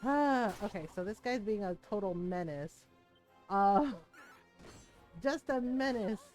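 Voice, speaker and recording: A woman's voice: mid-range voice, expressive, takes it slowly, darkish tone, faint music behind. A woman streaming a video game, with chatty, rambling commentary and frequent laughter. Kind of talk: casual live-stream commentary.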